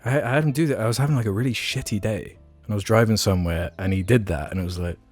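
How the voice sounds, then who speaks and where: Deep-voiced guy on a podcast, rambling story mode, lots of ums, faint music behind. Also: very fast, a little mellow. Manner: rambling storyteller, many fillers and restarts. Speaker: podcast co-host. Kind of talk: casual chat.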